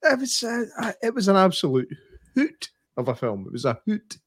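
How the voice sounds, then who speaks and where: A man's voice: sits high, normal speed, husky, dry recording, clean studio sound. Laughing Scottish man telling stories. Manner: animated storyteller, swears freely, laughs often. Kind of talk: casual chat.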